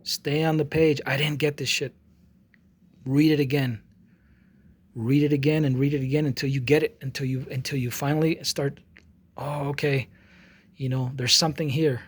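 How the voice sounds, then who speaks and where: A man's voice: medium pitch, moderate pace, breathy edge. Restless-talking man in his forties. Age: 40s. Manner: rambling, with frequent restarts and repeated words; animated storytelling, acting out both sides of a quarrel. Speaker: artist vlogger. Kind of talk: casual monologue.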